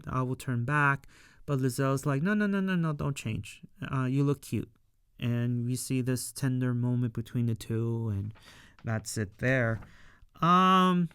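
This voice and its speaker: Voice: medium pitch, fairly bright tone, clear, resonant tone, no echo, studio quality. A show reviewer casually recapping an episode, rambling with frequent fillers and acting out the characters' lines. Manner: rambling with frequent fillers, laughs at own retelling.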